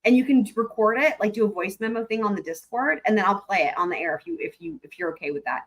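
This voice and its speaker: A woman's voice: mid-range voice, expressive, fast talker. A woman hosting a live stream, chatting casually and laughing while reacting to trial footage, swearing freely.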